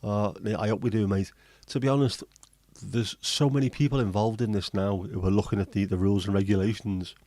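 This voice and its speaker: Joking host, casual swearer, mellow low voice, dry close sound. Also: male voice, fairly even intonation, a little fast, few pauses, no room sound. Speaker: livestream host. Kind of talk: casual chat reading viewer comments.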